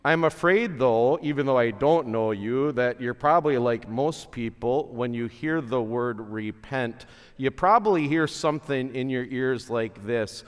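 A male pastor giving a chapel sermon at a school, speaking slowly and earnestly with relaxed conversational asides. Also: medium pitch, clean tone. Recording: long hall reverb.

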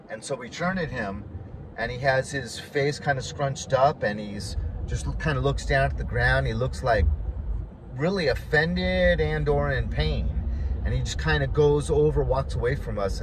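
A man telling a story in a casual, rambling way, full of fillers and restarts. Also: medium pitch. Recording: clear outdoor traffic noise behind.

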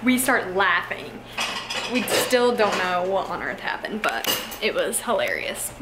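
A woman's voice: medium pitch, very animated, a little slow, noisy background. A young woman chatting casually as she cooks at home, narrating each step and laughing often. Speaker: vlogger cooking at home. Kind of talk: casual chat while cooking. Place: home kitchen. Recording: echoey kitchen with music behind.

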